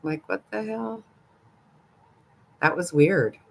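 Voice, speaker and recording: An older woman talks to her livestream viewers in an easy, drawn-out way, pausing between thoughts, her low, animated voice a little mellow with vocal fry. Gossipy and quick to giggle, she answers the chat as if among friends in this casual live conversation.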